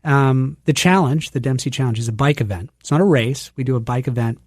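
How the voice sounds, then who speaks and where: A man talking as a podcast guest in a relaxed, casual way, with frequent fillers. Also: mid-range voice, brisk, slightly rough, no echo, clean studio sound. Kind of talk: casual conversation.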